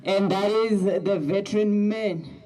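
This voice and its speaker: A man's voice: sits high, fairly even intonation, a little slow, warm tone, low-quality recording. A man giving live commentary, calling out runners' positions and their clubs one by one. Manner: calls out positions and clubs in turn. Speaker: race commentator.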